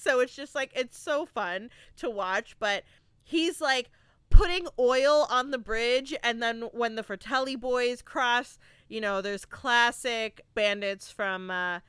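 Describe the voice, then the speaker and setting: Bright, chatty young woman podcaster. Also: on the high side, slow, clean tone, no echo. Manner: animated, laughs often, acts out quotes. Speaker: podcast host. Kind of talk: casual movie review chat.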